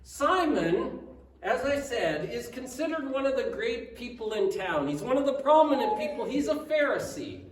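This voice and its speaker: Pastor guy preaching, swings his pitch all over, asks the crowd questions, roomy church echo. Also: moderate pace, slight background noise. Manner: animated storytelling with rhetorical questions to the congregation. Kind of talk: sermon. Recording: echoey room, mic at a distance.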